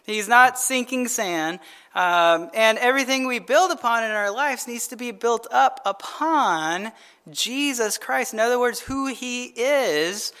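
A man's voice: very high-pitched, unhurried, sharp tone, clear, resonant tone. A male pastor giving a midweek Bible-study sermon in a casual, conversational way, often asking the audience rhetorical questions and chuckling as he tells stories. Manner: chuckles while telling stories.

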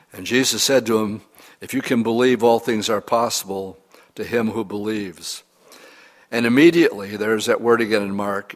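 A man preaching a sermon as pastor, reading scripture aloud and explaining it in an earnest, expressive way with pauses. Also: medium pitch. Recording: long hall reverb.

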